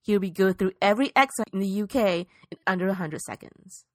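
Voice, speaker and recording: A woman co-hosting a comedy podcast, announcing each stop of a sketch in a deadpan way. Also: mid-range voice, fairly quick, no echo, studio quality. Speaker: podcast co-host.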